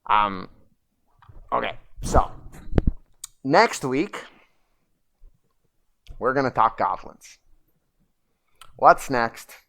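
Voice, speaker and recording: A gravelly man chats on a livestream in a loose, rambling way. His pitch jumps around a lot and his tone stays bright. He sounds like a host answering viewers. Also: extremely slow, long pauses. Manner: rambling and animated, chanting and shouting at times. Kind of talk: casual livestream storytelling.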